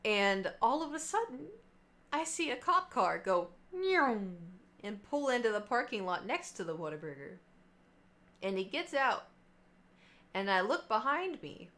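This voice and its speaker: A woman's voice: on the high side, normal speed. A young woman telling a long story casually to her stream chat, acting out the people in it with lots of fillers. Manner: chatty, animated quoting of others, many fillers.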